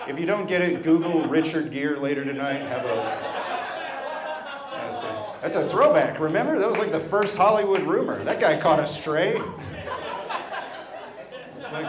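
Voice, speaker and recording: A man's voice: on the high side, expressive, normal speed, pauses often. A man in his thirties doing a stand-up set in a wry, self-deprecating, conversational way. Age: 30s. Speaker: stand-up comedian. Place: brewery venue with a live audience. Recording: echoey room with a crowd.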